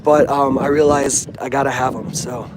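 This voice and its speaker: A man's voice: medium pitch, level tone, moderate pace, noisy background. A young man talking earnestly and casually about his football team, using street slang, recorded outdoors near a stadium. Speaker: sports fan vlogger. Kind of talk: casual fan vlog.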